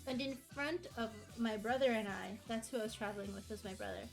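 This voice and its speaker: A woman's voice: fairly high pitch, brisk, faint music behind. A young American woman streaming, rambling through a travel story in casual chat, self-mocking and acting out quotes. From United States.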